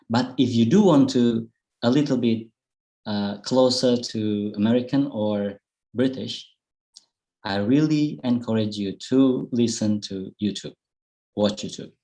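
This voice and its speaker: A man's voice: fairly low pitch, dark tone, low-quality recording. A middle-aged Indonesian man with an Indonesian accent, giving an online public speaking talk in a chatty way with fillers and restarts. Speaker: guest speaker. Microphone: video call.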